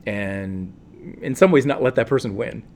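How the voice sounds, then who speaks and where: A man, a counselor, answering interview questions in a calm, earnest and reflective way, with many fillers and restarts. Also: medium pitch, normal speed, slight background noise. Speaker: guest, counselor.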